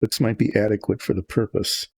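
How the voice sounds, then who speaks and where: A man's voice: fairly low pitch, flat delivery, fairly quick, vocal fry, darkish tone, husky. An older man painting a model kit and thinking aloud as he works, musing and rambling with small restarts. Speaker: miniature painter. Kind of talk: relaxed narration while painting.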